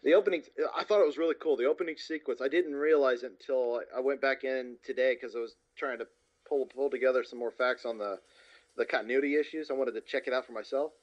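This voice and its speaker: A man co-hosting a movie podcast, relaxed, chuckling as he runs through details. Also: mid-range voice, quick pace. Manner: relaxed, rattles off car lists, chuckles. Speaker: podcast co-host. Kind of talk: casual movie podcast chat. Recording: dull lo-fi mic with faint music.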